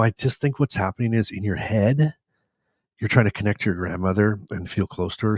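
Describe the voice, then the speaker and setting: Candid man telling his story, low voice. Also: no echo, studio quality. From Canada. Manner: candid, rambling, animated retelling with self-quotes. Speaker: host. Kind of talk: live-stream storytelling.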